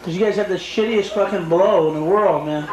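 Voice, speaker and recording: A man's voice: high-pitched, brisk. A man doing a live stand-up routine, breaking into sudden screaming tirades. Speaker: stand-up comedian. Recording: echoey live club, far from the mic, crowd noise. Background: audience laughter and crowd noise.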